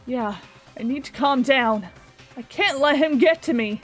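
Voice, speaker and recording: Woman voicing a nervous but determined teen boy, slightly lower than her own voice. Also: a little slow, faint music behind. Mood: resolute. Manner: earnest, self-talking. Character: earnest teenage boy student, anxious but determined.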